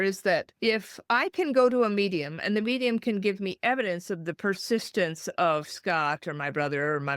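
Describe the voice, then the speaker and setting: Woman, interview guest, lively storytelling, dry close sound. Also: mid-range voice, dry recording. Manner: animated, acts out quoted voices. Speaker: guest author.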